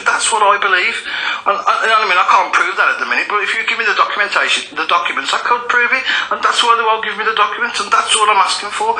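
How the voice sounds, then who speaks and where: A man's voice: high-pitched, pushed and bright, reverberant. A man on a recorded phone call, shaken and angry, pressing a complaint and repeating himself insistently. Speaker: tenant making a complaint.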